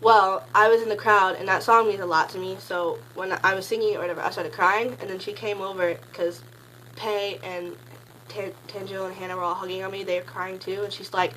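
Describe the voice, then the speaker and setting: A teenage girl telling a story in a casual vlog, gushing and rambling, packing her sentences with "like" and jumping into excited high squeals. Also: fairly quick, slight background noise, rough recording. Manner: gushing, rambling, heavy use of "like"; bursts into high excited squeals when quoting. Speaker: concert fan recounting a meet and greet.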